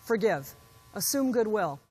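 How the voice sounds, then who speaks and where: A woman's voice: mid-range voice, sing-song, a little slow, darkish tone, husky. A woman giving a motivational keynote speech, telling stories and acting out the quotes with animation. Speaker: keynote speaker. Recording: hall reverb.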